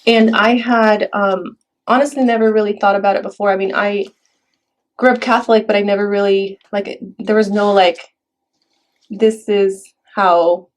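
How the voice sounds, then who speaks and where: A woman from Mexico, chatting casually and softly, with many fillers. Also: medium pitch, steady tone, moderate pace, low-quality recording. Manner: soft-spoken, with fillers and Spanish phrases. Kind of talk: casual chat.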